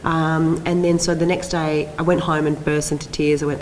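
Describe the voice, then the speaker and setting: An Australian woman speaks at a convention panel with a low, dusky pitch. She tells her stories with animation, laughing and acting out the voices of others. A faint hiss sits under the recording. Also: moderate pace, low-quality recording. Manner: animated, laughing storyteller who acts out quoted voices. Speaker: panel guest.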